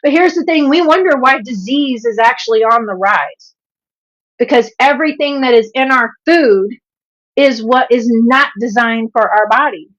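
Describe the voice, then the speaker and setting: A woman's voice: on the high side, normal speed, fairly bright tone, muffled recording. A woman in her fifties with a Southern drawl hosts a live stream, speaking earnestly, repeating points for emphasis and greeting viewers by name. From Southern United States. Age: 50s. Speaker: livestream host and nutrition coach.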